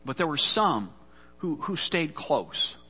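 A man's voice: fairly high pitch, big pitch swings, slow pace, pushed and bright, breathy edge, in a large hall. A man preaching a sermon, telling a scripture story earnestly and often repeating words as he goes. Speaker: pastor.

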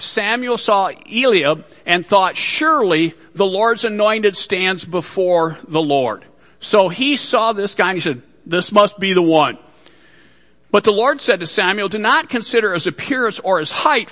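High-voiced, bright male pastor, hall reverb. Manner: folksy, joking asides to the congregation. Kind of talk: sermon.

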